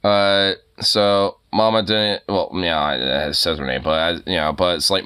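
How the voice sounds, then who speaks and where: A man's voice: low-pitched, fairly even intonation, measured pace, few pauses, bright, forceful tone, smooth. A young man streaming, ranting in casual chat, swearing a lot and laughing often.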